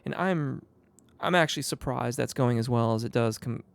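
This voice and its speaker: A male singing teacher answering viewer questions live, a bit under the weather, explaining in a relaxed way with frequent ums and restarts. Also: medium pitch, normal speed, vocal fry. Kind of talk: live Q&A on voice technique.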